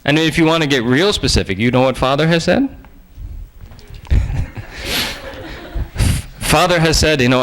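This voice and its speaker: A man giving a humorous sermon-style lecture in a conversational, joking way with lively asides. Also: medium pitch, normal speed, pauses often, low-quality recording.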